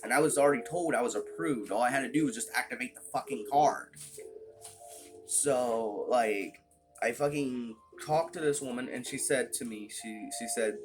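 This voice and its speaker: A man's voice: mid-range voice, normal speed, faint music behind. A young man telling a long, frustrated story to camera in a casual vlog, swearing constantly and restarting his sentences as he rambles. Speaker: vlogger. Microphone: phone or webcam at close range.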